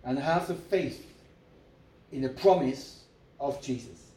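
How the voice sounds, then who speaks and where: This man's sermon comes in a warm, mid-range voice at a slow pace, with repeated points for emphasis and call-and-response with the congregation. It's captured by a distant mic in an echoey room.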